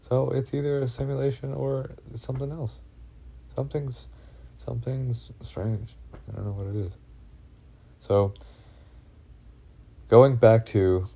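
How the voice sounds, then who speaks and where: A man with a deep, very gravelly voice and a dark, husky tone speaks in a rambling vlog monologue. He halts often, restarts sentences and swears freely. His telling sounds uneasy throughout. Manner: halting, full of fillers and restarts, heavy swearing. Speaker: vlogger recounting personal experiences. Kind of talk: rambling first-person monologue.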